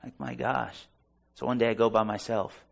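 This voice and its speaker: A male pastor preaching with fervent, emphatic conviction and weaving personal stories into his message. His voice is gravelly and crackly at mid pitch, and it punches out phrase after phrase. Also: flat delivery, normal speed. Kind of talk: sermon.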